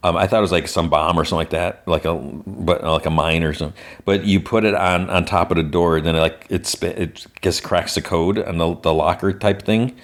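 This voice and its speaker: A man's voice: low voice, steady tone, a little fast. A man hosting a podcast, casually retelling an episode with lots of filler words and quoted lines. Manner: rambling, many "like" fillers, reads out character lines. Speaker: podcast host.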